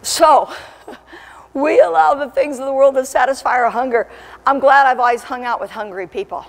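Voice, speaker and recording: A woman's voice: high-pitched, normal speed, big-room sound. A woman evangelist preaching a sermon in a church, telling stories with humor and rising to fervent declarations. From Alaska. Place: church sanctuary.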